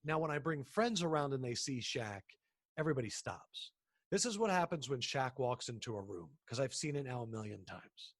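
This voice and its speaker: A sports broadcaster in his thirties, telling stories in a casual interview, animated and acting out the people he quotes. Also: a little high, no echo, studio quality. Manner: animated, acts out quoted people, frequent restarts.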